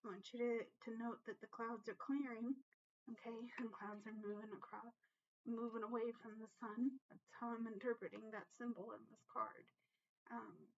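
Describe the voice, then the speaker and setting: A fairly high-voiced woman talks through a tarot reading, earnest and open with her feelings. She keeps checking in with "okay?" and swears without fuss. The recording sounds dull and lo-fi. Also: a little mellow. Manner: earnest, emotional, repeats "okay?", swears casually. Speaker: tarot reader. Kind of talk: casual tarot reading to viewers.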